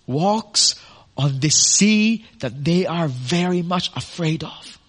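A man preaching a sermon, expressive, asking the congregation questions and adding personal asides. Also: a little high, slow pace. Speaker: pastor.

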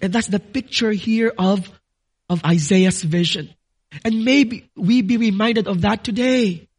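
A man's voice: sits high, measured pace, husky. A man preaching a sermon, earnest and building to emphatic declarations, addressing listeners as dearly beloved.

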